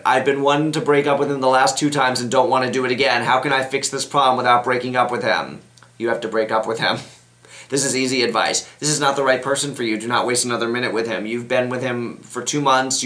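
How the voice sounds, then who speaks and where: A man's voice: mid-range voice, a little fast, a bit bright, echoey room. A man hosting an advice show, reading out viewer letters and answering them in a chatty, rambling way, often restarting his sentences. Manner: chatty, rambling, self-interrupting. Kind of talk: casual advice chat.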